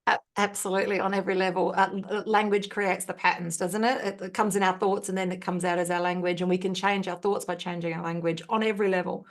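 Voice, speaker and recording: A woman, a podcast guest, sharing a personal story in an earnest, thoughtful way with frequent pauses and restarts. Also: lowish voice, level tone.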